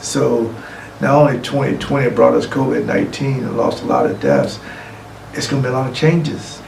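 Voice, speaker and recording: A middle-aged man giving an award acceptance speech, telling a lively anecdote and acting out other people's lines. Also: mid-range voice, normal speed, vocal fry. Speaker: award honoree. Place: room, recorded for a virtual gala. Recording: echoey room, distant mic, faint noise.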